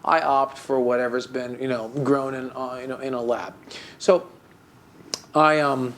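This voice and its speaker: A man's voice: mid-range voice, fairly even intonation, a little slow, a bit bright, slight background noise. Male co-host, mid-range voice, rambling casual storyteller with a mock-glum streak. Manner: rambling, with many fillers and restarts. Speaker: podcast co-host. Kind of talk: casual chat.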